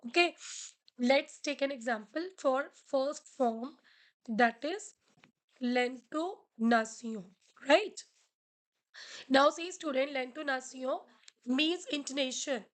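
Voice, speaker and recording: Woman, Indian accent, high-pitched, slow classroom explaining, language teacher. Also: a bit bright. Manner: slow, explanatory, switching between English, French and Hindi. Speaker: French teacher. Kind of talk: classroom lesson.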